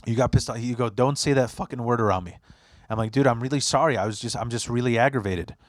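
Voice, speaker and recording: A young man with a medium-pitched voice speaks at a quick pace while hosting a podcast. He recounts stories casually and animatedly, acting out quotes and swearing a lot.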